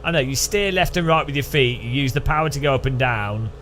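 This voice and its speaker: A man's voice: medium pitch, animated, fairly quick, fairly bright tone, slight background noise. A man giving rambling, jokey gameplay commentary, thinking aloud. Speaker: gaming channel host.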